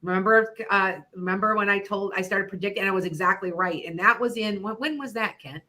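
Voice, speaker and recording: A middle-aged woman hosts an internet radio show about her psychic predictions. Her voice is bright and clear, and she talks in a chatty, rambling way, laughing often as she goes. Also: mid-range voice, brisk. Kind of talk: casual chat about predictions.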